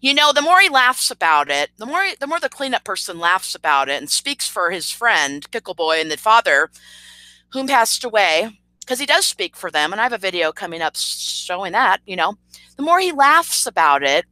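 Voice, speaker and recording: Woman ranting to her stream chat, bright sharp voice, sarcastic, lots of ums, dry close sound. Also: mid-range voice, very animated, moderate pace, dry recording, rough recording. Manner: sarcastic and indignant, with frequent fillers. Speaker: channel host. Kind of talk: livestream commentary rant.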